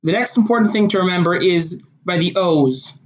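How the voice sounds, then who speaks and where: A speaker with an American accent, slowly and deliberately explaining pronunciation rules in an instructional video. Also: mid-range voice. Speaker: accent tutorial presenter.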